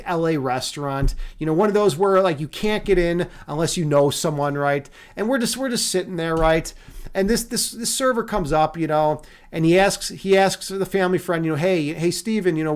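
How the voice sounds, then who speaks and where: High-voiced man ranting casually. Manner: rambling, profane storytelling with many restarts. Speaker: livestream host and meditation instructor. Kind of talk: casual livestream chat reading viewer comments.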